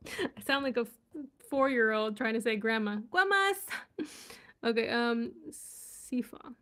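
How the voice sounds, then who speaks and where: Slow-talking curious woman, sounding words out. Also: on the high side, steady tone. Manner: curious, sounding out words haltingly, laughing at herself. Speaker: language vlogger. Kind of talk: casual live reading and chat.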